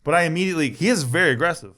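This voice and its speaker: A man's voice: a little high, rapid-fire, sharp tone. A man co-hosting a podcast, telling a story in casual chat with lots of swearing and acted-out quotes. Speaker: podcast co-host.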